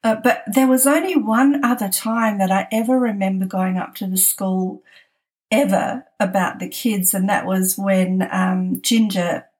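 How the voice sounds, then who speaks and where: A woman's voice: mid-range voice, unhurried. A middle-aged woman telling a family anecdote on a podcast, laughing often and acting out the quotes. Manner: laughs often while telling, animated quoting. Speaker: podcast storyteller. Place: at home desk.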